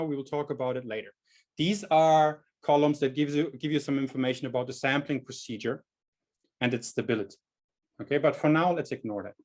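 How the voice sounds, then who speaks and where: A man with a German accent teaching a statistics workshop over a video call, explaining step by step with frequent "right?" checks and small self-corrections. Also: fairly high pitch. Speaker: statistics instructor. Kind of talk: online workshop lecture.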